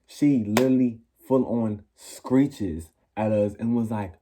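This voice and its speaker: A young man vlogging, telling a school story in a casual, sassy, animated way and acting out what people said. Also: lowish voice, takes it slowly, noisy background. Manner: animated, sassy, acts out quoted lines.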